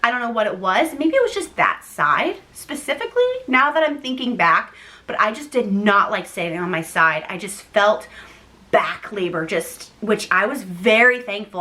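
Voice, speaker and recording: A young woman vlogger chats casually to the camera, telling a personal story and speaking straight to her viewers, calling them "guys." Her voice is a little high, bright, and forceful.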